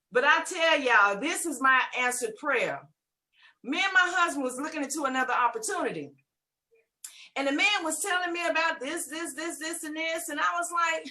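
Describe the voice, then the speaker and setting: A woman in her fifties giving an exuberant testimonial on a video call, emphatic and lively. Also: sits high, moderate pace. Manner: emphatic and lively, calls listeners honey and girl. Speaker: webinar guest giving a testimonial. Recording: distant from the mic.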